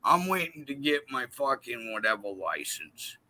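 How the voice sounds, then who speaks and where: A man hosting a livestream, telling a rambling, profanity-filled story while drunk and high, laughing mid-sentence. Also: sing-song, moderate pace, pushed and bright, a little hiss or hum. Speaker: livestream host.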